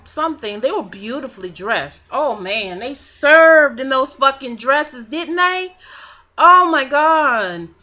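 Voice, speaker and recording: A woman with a fairly high, bright and forceful voice recaps a reality show in casual, profane gossip. Her sass runs through every line. The recording is dull and lo-fi, like a home webcam. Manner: sassy, profane, animated gossip. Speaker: vlogger.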